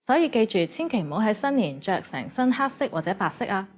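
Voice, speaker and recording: A woman giving a clear, measured, scripted narration for a language lesson. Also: mid-range voice, very animated. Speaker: language teacher.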